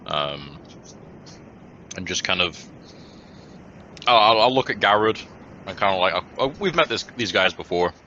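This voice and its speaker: Male tabletop player, deep and lively, stammering, casual. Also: a little slow, pauses often, muffled recording, slight background noise. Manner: hesitant, repeating words as he talks. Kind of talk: casual tabletop game play.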